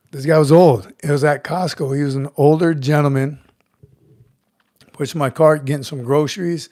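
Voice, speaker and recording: A man's voice: on the high side, measured pace, pauses often, a little mellow, no room sound, studio quality. A middle-aged man hosting a casual livestream, chatting easily, chuckling and greeting viewers by name. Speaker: livestream host, retired Marine sergeant major. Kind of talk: casual livestream chat reading comments.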